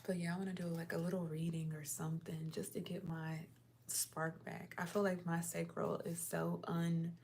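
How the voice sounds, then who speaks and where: Laid-back gravelly-voiced young woman. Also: fairly low pitch, flat delivery, normal speed, a little mellow, a little hiss or hum. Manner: laid-back, rambling, slangy. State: tired. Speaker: livestream host. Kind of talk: casual livestream chat. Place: her apartment.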